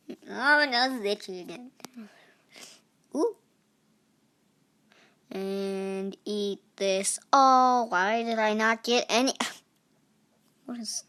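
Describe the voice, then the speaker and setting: A young woman chats through her gameplay, her voice bright and clear. She talks at an unhurried pace, breaking into playful exclamations as she reacts to the game. It is casual, chatty commentary from a gaming channel host. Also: mid-range voice.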